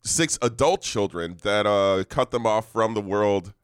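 A man's voice: lowish voice, unhurried, smooth, dry recording, clean studio sound. A young man co-hosting a podcast, relaying a news story in a rambling, casual way and laughing often. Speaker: podcast co-host presenting news stories. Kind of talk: casual comedic chat.

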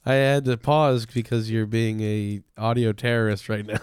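A man's voice: on the low side, level tone, measured pace, darkish tone, smooth, no room sound. Teasing young man, laughing a lot. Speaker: podcast co-host. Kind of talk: casual chat.

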